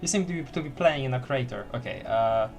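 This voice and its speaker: A man's voice: mid-range voice, expressive, quick pace, creaky, dull audio, soft background music. A man streaming a story game, reading dialogue aloud with lots of giggles and playful repeated words.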